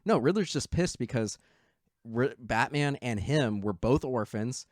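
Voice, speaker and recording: A man's voice: medium pitch, expressive, a little slow, dry recording, clean studio sound. A man co-hosting a podcast, chatting casually and enthusiastically about a film, swearing freely and acting out lines from it. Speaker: podcast co-host.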